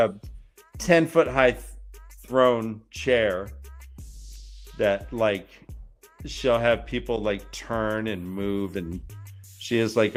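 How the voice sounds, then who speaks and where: A man co-hosting a podcast, recapping a book in casual, rambling chat full of fillers and restarts. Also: fairly low pitch. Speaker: podcast co-host.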